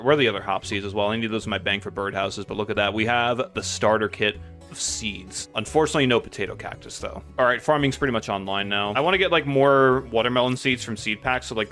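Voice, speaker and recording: Young guy doing game commentary, hyped up, swears a ton, talks to chat, faint music behind. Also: fairly low pitch. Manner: excitable, swears a lot, talks to viewers. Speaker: gaming video host. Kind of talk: casual gameplay commentary.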